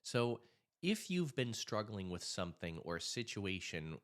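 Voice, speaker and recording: Speaking a little slowly in a voice on the low side, this man is a hypnotist and anxiety coach. He shares a story to camera in a relaxed way, then moves on to advice. He tells it with animation, performing the quoted voices of the story's characters.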